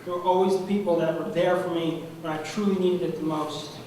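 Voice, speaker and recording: A young man giving an award acceptance speech, heartfelt and halting, clearly emotional. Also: on the high side, steady tone, darkish tone. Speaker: award recipient. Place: large banquet room at an annual meeting. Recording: echoey hall from far off, noisy.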